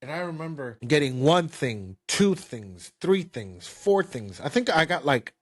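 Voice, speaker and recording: A man's voice: a little high, unhurried. A man hosting a podcast, telling a kitchen story casually, with lots of "like" and restarts, acting it out with sound effects. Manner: lively anecdote-telling with sound effects like pop and bam; loose, filler-heavy talk with "like" and restarts. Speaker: podcast host.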